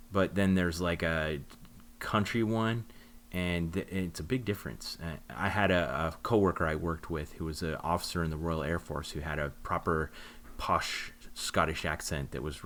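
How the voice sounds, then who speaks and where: Deep-voiced co-host, relaxed, dry jokes. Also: male voice, normal speed, a little hiss or hum. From Oklahoma, United States. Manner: relaxed storyteller, dry humor. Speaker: podcast co-host. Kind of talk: casual chat.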